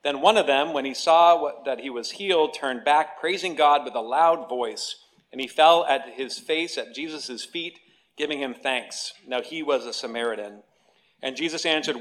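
Male pastor, mid-pitched, chatty storyteller from the pulpit. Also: normal speed, a bit bright. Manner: conversational preaching with restarts and emphatic storytelling. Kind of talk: sermon.

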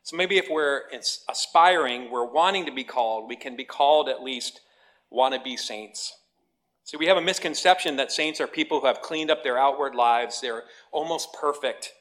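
A man's voice: mid-range voice, a bit bright. A man, a pastor giving a sermon, reading scripture and telling jokes in a conversational way. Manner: conversational, joking asides.

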